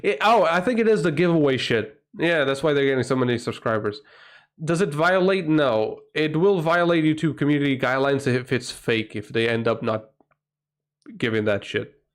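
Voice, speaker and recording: A man's voice: mid-range voice, expressive, normal speed. A man from Portugal with a Portuguese accent, a livestream host in a rambling, profane, casual chat who often breaks into exclamations.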